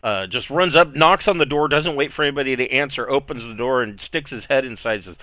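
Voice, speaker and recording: A man narrating a tabletop game as game master, halting and hesitant with many fillers. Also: medium pitch, bright, forceful tone, dry recording. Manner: halting, full of fillers and restarts.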